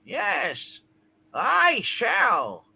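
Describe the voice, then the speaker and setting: Woman host, high bright voice, slow, gravelly, breathy, theatrical announcing. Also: huge pitch swings. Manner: theatrical, mock-grand announcing. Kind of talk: playful group comic reading.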